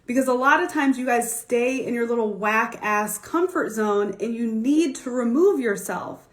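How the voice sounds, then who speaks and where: A woman's voice: on the high side, normal speed, roomy sound. A woman stylist talking casually on a live stream, telling candid stories with laughter and the odd swear word. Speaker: fashion stylist and business coach. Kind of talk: casual livestream talk. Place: home, recorded for a social media live stream.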